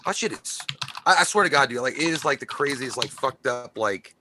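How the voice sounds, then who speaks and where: An excitable man rattles off profane, rambling livestream chatter at a rapid clip. His voice is bright and forceful, and faint noise sits behind it. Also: mid-range voice. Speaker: podcast co-host. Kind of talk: casual livestream banter.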